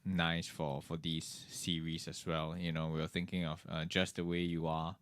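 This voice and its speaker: A man's voice: extremely low pitch, flat delivery, moderate pace, a bit bright, clean tone, no room sound. A man hosting a live stream from a studio, chatting casually with many fillers and reading out viewer comments.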